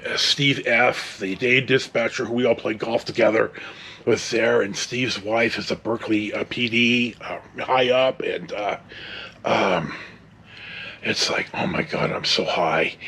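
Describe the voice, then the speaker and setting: A man's voice: fairly low pitch, creaky, pushed and bright, breathy edge. A middle-aged man hosting his own show, telling a story in a casual, rambling way with lots of fillers and restarts, and chuckling now and then. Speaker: host.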